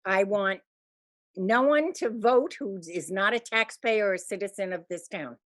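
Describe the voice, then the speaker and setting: A woman's voice: mid-range voice, moderate pace, fairly bright tone. A woman giving a short public comment at a committee meeting, hesitant with many fillers yet firm in her objections. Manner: hesitant, apologetic, firm in position.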